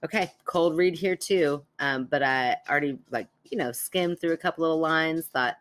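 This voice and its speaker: A woman's voice: low-pitched, moderate pace, a little hiss or hum. A woman co-hosting a podcast, chatting casually and cold-reading a listener's letter aloud, laughing easily and teasing.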